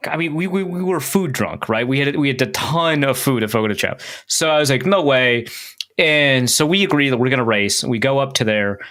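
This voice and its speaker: Bright-voiced man telling a story, laughing. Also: mid-range voice, brisk. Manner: animated, self-mocking, laughs while telling. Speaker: podcast co-host. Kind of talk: casual storytelling chat.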